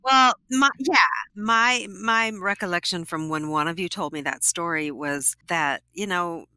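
A woman co-hosts in relaxed casual chat, speaking slowly in a bright voice. She mostly listens and adds short comments. The recording is dry and close. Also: fairly low pitch, clear, resonant tone, no echo. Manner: unhurried, listens, short replies, laughs along. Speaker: podcast co-host.

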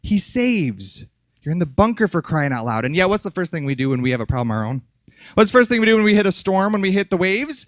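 A man preaching a fiery sermon at a youth conference, yelling hard and then dropping to soft, close asides. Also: sits high, very animated, fast talker, no echo.

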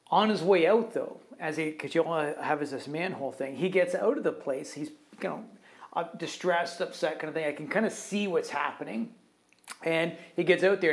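A man co-hosting a podcast, telling a long work story in a casual, rambling way and often tagging his sentences with "right?". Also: on the high side. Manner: animated, acts out other people's quotes; rambling with fillers like "right?" and "kind of thing". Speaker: podcast co-host.

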